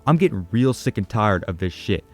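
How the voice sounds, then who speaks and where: A man's voice: on the low side, very animated, a little fast, faint music behind. A man narrating a comedic game recap in a crude, sarcastic way with constant swearing. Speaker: gaming commentator.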